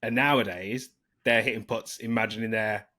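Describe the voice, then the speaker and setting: A man's voice: fairly low pitch, steady tone, moderate pace, pushed and bright. A man co-hosting a podcast in casual chat, reading out points from a list and adding his own comments. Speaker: podcast co-host.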